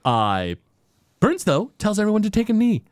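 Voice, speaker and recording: A man casually recapping a cartoon episode on a podcast, acting out quoted lines in jumpy high voices. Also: huge pitch swings, normal speed, clear, resonant tone, dry recording, clean studio sound. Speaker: podcast co-host.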